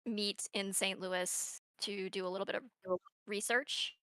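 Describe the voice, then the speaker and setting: Woman, stream co-host, bright and forceful, dry close mic, chatty. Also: medium pitch, steady tone, a little slow, clear, resonant tone, dry recording. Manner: chatty, answers chat questions. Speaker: cartoon creator and stream co-host. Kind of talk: casual livestream chat.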